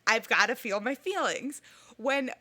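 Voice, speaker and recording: A woman co-hosting a podcast in casual chat, emotional and expressive, laughing often. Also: a little high, unhurried. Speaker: podcast co-host.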